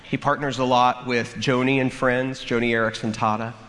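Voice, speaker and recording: A man preaching a sermon, telling a funny story in an animated way and acting out the characters. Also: medium pitch, moderate pace. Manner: animated, acts out the story with comic voices. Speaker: pastor. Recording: long hall reverb, faint room noise.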